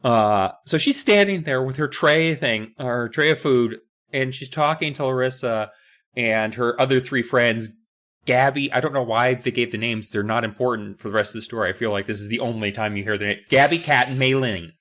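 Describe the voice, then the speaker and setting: A man co-hosting a podcast, recapping a story in casual chat, swearing freely and jumping into high squeaky character voices. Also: moderate pace, a bit bright. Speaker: podcast co-host.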